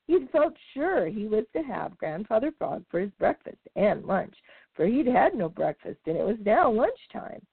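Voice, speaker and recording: A woman reads a children's animal story aloud, her pitch leaping and falling with lively expression. Her voice is raspy and gravelly, recorded dry and tinny, like a phone line. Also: moderate pace, no echo. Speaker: podcast host reading aloud.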